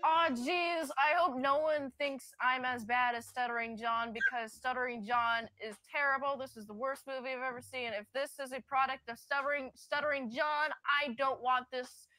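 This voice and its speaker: A woman's voice: high voice, steady tone, normal speed, few pauses, bright, forceful tone, dry recording. Snarky young woman reviewing a movie. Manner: blunt, snarky, rambling. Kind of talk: played video review.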